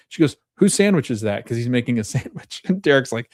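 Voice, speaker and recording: A man hosting a podcast, retelling a TV episode in casual chat, animated, with lots of fillers and laughs. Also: mid-range voice, brisk, dry recording, studio quality. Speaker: podcast host recapping a TV episode.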